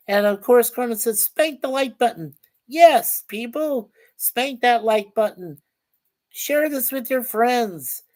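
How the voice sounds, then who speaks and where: Chatty man hosting a casual livestream. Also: very high voice. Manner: reads viewer comments aloud and greets viewers by name; chatty, stumbles and repeats words. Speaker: livestream host.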